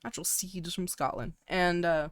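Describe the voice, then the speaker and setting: A woman's voice: lowish voice, steady tone, moderate pace, dry recording, clean studio sound. A young woman co-hosting a podcast, telling a long story casually with many ums and likes and frequent laughs. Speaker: podcast co-host.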